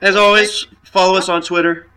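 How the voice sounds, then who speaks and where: A man's voice: high voice, flat delivery, a little fast, pushed and bright, smooth. A young man co-hosting a casual podcast, joking around and asking his friends probing questions. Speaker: podcast co-host.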